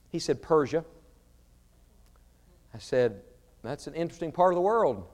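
A man's voice: fairly high pitch, animated, moderate pace, pauses often. Fervent preacher man in a big hall. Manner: swings from shouted fervor to quiet storytelling. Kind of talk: sermon. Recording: reverberant large hall.

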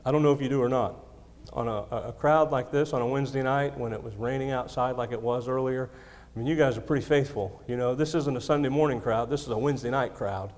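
This sermon comes quickly and with few pauses, in a mid-range, slightly mellow male voice. The preacher is emphatic, repeats his key lines, and pokes fun at himself, speaking into a handheld or stand microphone in a church sanctuary with long hall reverb.

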